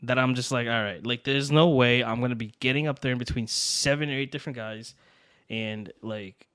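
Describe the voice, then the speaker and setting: A young man in casual podcast chat, spinning a story with lively energy and acting out each person's lines. His voice sits at a middle pitch. The sound is dry and close, with no room around it. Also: a little fast, clear, resonant tone, dry recording. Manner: animated, acts out quotes with swearing and laughs. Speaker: podcast co-host.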